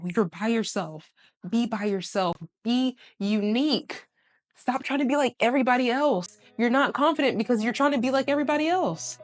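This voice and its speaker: A woman in her twenties giving casual motivational talk to camera, emphatic and animated, swearing casually and laughing often. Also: on the high side. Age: 20s. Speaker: vlogger.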